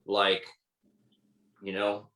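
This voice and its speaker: Bright-voiced man, echoey room. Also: fairly low pitch, monotone, very slow. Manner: thoughtful, explaining with many restarts. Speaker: songwriter and band leader. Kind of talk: casual interview talk.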